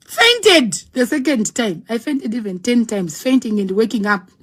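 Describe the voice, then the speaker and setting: A woman tells her own story in a fairly high voice. She performs it dramatically, acting out each scene and throwing in sound words. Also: lively intonation, a little slow, fairly bright tone, slightly rough. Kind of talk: personal storytelling.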